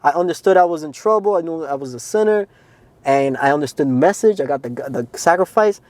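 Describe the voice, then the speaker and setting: A man with a fairly high voice shares his testimony on a podcast. He speaks earnestly and casually, filling his story with "like" and "man". The sound is close and dry. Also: expressive, fairly quick, darkish tone, no echo. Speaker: podcast co-host.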